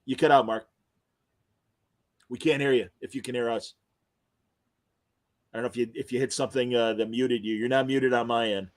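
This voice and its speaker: A man hosting an interview podcast, telling stories in an animated, emotional, casual way. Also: mid-range voice, moderate pace, pauses often. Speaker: podcast host interviewing comic creators. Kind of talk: casual chat.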